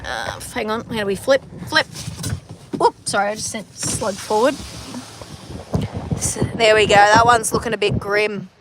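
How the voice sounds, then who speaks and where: A woman's voice: mid-range voice, lively intonation, measured pace, pauses often, background noise. A young Australian woman livestreaming from her phone inside a car on a farm, chatting casually with viewers, swearing often and restarting her sentences. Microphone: phone front camera.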